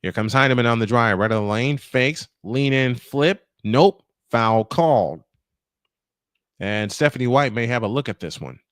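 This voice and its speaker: A man's voice: medium pitch, lively intonation, normal speed, clean tone, dry recording, clean studio sound. A male play-by-play announcer calling a basketball game in a chatty style, full of rambling, self-deprecating asides.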